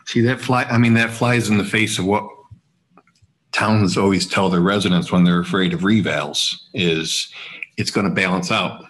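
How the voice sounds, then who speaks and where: Man, very low pitch, meeting discussion, pointed, skeptical. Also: steady tone, moderate pace, a bit bright. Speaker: board member questioning figures.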